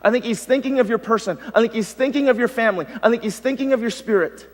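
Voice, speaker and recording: A male pastor preaching a sermon, swinging from loud emphasis to hushed tones. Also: very high-pitched, fast. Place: church sanctuary. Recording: long reverb of a church hall.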